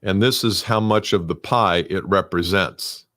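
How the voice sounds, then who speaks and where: A man's voice: sits low, measured pace, a bit bright. A middle-aged man coaching salespeople in a conversational, emphatic solo talk.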